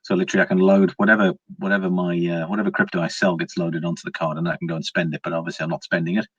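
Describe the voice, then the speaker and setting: A man's voice: deep voice, level tone, very fast, breathy edge, dry recording, muffled recording. A man hosting a casual live stream, chatting easily and reading viewer comments aloud. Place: indoors at home, evening.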